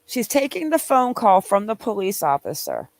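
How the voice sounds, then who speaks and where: A woman's voice: medium pitch, wildly swooping pitch, moderate pace, creaky, no echo. A woman hosting a true crime commentary, talking bluntly and incredulously over clips, with some swearing.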